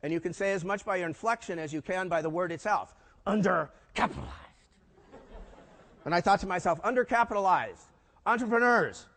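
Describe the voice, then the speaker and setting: An older man giving a keynote talk, telling stories with lively acted-out dialogue. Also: sits high, fairly quick, pauses often. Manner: animated storyteller acting out quoted dialogue. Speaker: keynote speaker. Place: conference hall. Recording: hall reverb.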